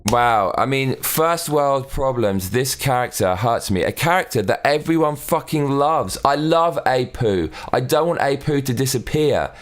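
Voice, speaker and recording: A man's voice: mid-range voice, lively intonation, measured pace, few pauses, soft background music. A man hosting an opinionated commentary show, blunt and sweary as he rants. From England. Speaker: host.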